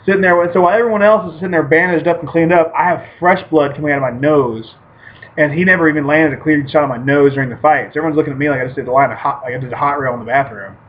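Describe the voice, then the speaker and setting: A man's voice: fairly high pitch, racing. Casting: man, podcast co-host, swears through rowdy fight stories, lo-fi recording. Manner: profane animated storytelling. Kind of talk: casual podcast chat. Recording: muffled lo-fi with faint hiss.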